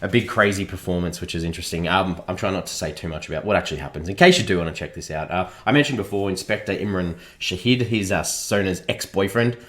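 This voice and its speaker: A man's voice: low voice, quick pace, few pauses, a bit bright. A man casually reviewing a film on a podcast, chuckling often as he mocks what he saw. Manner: chuckles often, mocking and critical.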